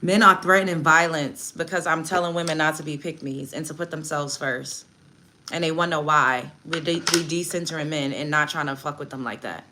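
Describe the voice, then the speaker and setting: A woman's voice: low-pitched, fairly even intonation, normal speed, sharp tone, slight background noise. A woman hosting a livestream, reading chat comments aloud and answering them in a blunt, profane, indignant rant while doing her makeup at home. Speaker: livestream host.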